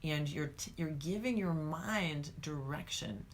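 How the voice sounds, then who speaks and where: A woman teaching a guided meditation, calm and coaching, speaking straight to the viewer. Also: low-pitched, measured pace, a little hiss or hum.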